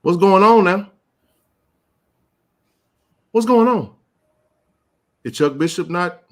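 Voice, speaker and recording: Impassioned high-voiced man ranting. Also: expressive, takes it slowly. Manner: impassioned ranting, rising to shouts. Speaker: sports talk show host. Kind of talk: heated live sports chat.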